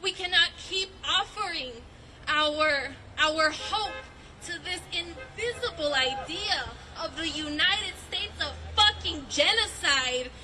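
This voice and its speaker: A woman giving a fervent protest speech outdoors, rising to shouts. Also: very high voice, expressive, takes it slowly. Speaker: protest rally speaker. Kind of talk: impassioned rally speech. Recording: distant mic with crowd noise.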